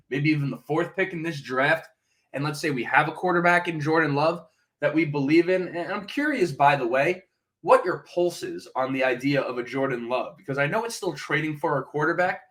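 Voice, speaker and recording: A man's voice: on the high side, a bit bright. A man hosting a podcast, giving casual fan commentary and thinking aloud, often hedging with "right?" and "uh". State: sipping coffee, brief cough. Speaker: podcast host.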